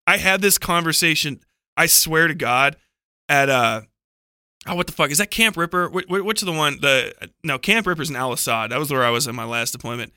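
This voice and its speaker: A man's slightly high, bright, forceful voice comes through smooth and clean, with studio sound and no room sound. Animated and brisk, he tells a rambling, profane story on a book club podcast, laughing often, drifting into digressions, and peppering it with "like" and self-corrections.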